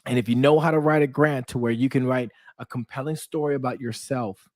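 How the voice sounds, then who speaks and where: A man coaching small-business owners, telling his story in a lively, casual way and speaking straight to his viewers. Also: medium pitch, a little fast, no echo, studio quality. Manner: energetic, storytelling, addresses viewers as "you guys". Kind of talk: casual talk to camera.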